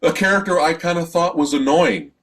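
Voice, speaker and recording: Husky, exasperated male movie reviewer. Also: fairly high pitch, a little fast, fairly bright tone. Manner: exasperated, profane, sarcastic. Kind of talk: casual spoiler review rant.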